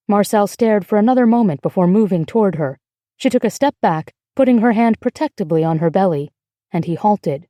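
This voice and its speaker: A woman reads scripted audiobook narration in a measured, steady manner. Her voice is mellow and mid-pitched, and the recording is dry and close. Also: no echo.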